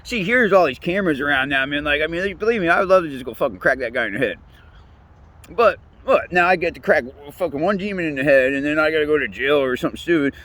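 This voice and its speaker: A man's voice: a little high, lively intonation, fast, fairly bright tone. A man rambling in a casual monologue, swearing constantly, chuckling mid-sentence and restarting his words.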